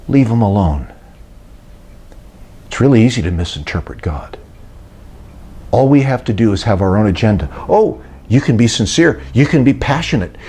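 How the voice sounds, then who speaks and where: A man's voice: medium pitch, vocal fry, a little mellow, breathy edge. An older man preaching and retelling a story, acting out the voices of those he quotes. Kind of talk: sermon-style teaching talk.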